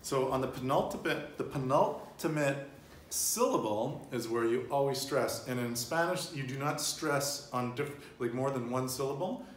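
A man's voice: medium pitch, lively intonation, normal speed. Casual male teacher, 30s, chatty and rambling, roomy home recording with light background hum. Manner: chatty, loose, laughs easily, restarts and digresses. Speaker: Spanish teacher. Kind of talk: casual language lesson.

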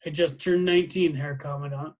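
A man's voice: a little high, fairly even intonation, a little fast, close to an everyday voice. A man voicing a nervous young lieutenant who speaks hesitantly and apologetically. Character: nervous young male lieutenant, anxious to please.

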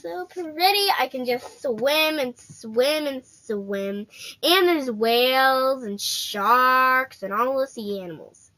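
A woman's voice: high-pitched, takes it slowly, sharp tone. A female gaming host giving casual, playful commentary straight to her viewers while she plays.

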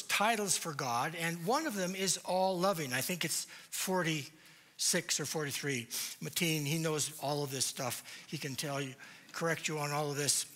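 A man giving a church lecture, deliberate and emphatic, posing rhetorical questions to his audience. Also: fairly high pitch, sharp tone.

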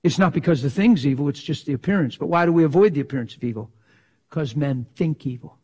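A man preaching with fervor, his voice sitting a little higher than most men's. He swings between booming lines and near-whispers and talks in a plain, folksy way. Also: fast talker, slightly rough. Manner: impassioned, swings from loud to hushed whispers; folksy, drops into slang like "ain't". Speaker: pastor. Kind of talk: sermon.

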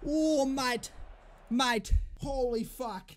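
A young man commentating his own football management game, raging and swearing loudly at his players. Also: very high-pitched, lively intonation, normal speed, faint music behind. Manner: furious, swearing, shouting at players. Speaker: gaming YouTuber. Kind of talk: live gameplay commentary.

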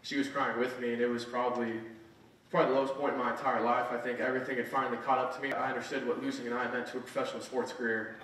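A man's voice: mid-range voice, flat delivery, rapid-fire, fairly bright tone. Young man telling his story in an echoey hall. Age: 20s. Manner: earnest storytelling, frequent "right?". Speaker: motivational speaker. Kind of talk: motivational speech. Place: conference hall. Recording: echoey hall, mic at a distance.

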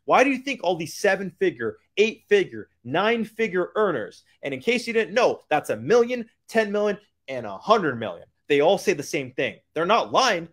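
A man's voice: high voice, very animated, moderate pace, few pauses, fairly bright tone. Hype guy selling a business dream, slangy, keeps saying guys, voice bouncing all over. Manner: hyped, keeps calling out to "guys"; street slang, repeats phrases for emphasis. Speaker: business coach. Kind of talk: motivational sales pitch.

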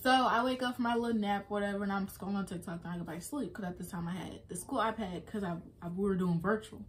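A woman's voice: mid-range voice, fast talker, slight background noise. A young woman vlogger, emotionally retelling a personal story with lots of fillers.

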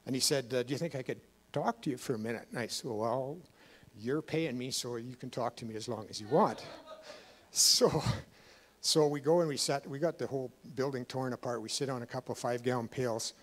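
A man's voice: mid-range voice, brisk. A man giving a rambling, emotional personal testimony to a church, with many fillers and restarts. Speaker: guest speaker.

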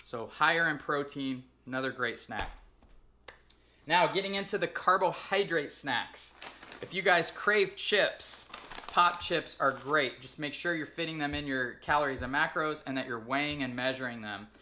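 Bright upbeat man giving fitness tips. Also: on the high side, normal speed, slight background noise. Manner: upbeat, listing products and numbers with many ums. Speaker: fitness trainer. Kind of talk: casual vlog advice.

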